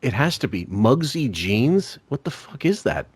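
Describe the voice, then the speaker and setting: A man's voice: mid-range voice, sing-song, a little slow, husky, no echo. A man co-hosting a podcast, chatting casually and cracking profane jokes. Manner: joking, profane, laughs often. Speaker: podcast co-host.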